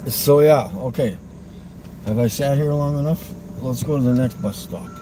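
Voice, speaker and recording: A man's voice: medium pitch, moderate pace. A man from Westchester County, New York, vlogging from his car in rambling, provocative talk with frequent laughs. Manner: provocative, teasing, laughs often. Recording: car noise behind.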